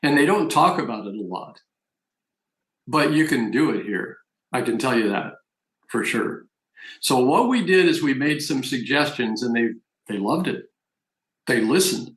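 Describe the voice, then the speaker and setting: A man's voice: medium pitch, expressive, unhurried, pauses often, fairly bright tone, reverberant, low-quality recording. A man giving a persuasive, emphatic business opportunity presentation as a network marketing presenter. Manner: persuasive, emphatic sales talk.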